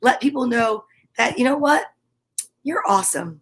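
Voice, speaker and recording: A middle-aged woman hosting a home story time, talking warmly and encouragingly straight to her viewers. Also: a little high, animated, normal speed, husky. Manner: warm encouraging, gushing, talks straight to viewers. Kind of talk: upbeat video chat to viewers. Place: home room by a window. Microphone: camera with ring light.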